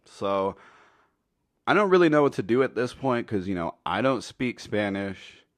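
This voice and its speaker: A man's voice: lowish voice, sing-song, moderate pace, no echo. A man telling a funny story in a casual, rambling, foul-mouthed way. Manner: laid-back, profane, rambling. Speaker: storytelling commentator.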